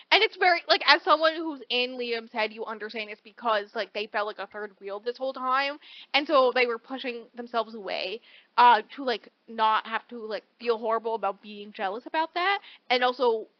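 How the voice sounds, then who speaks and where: Her slightly high voice moves at a moderate pace as she co-hosts a casual book podcast, eagerly recapping a story and performing the characters' dialogue. The audio is muffled and free of echo.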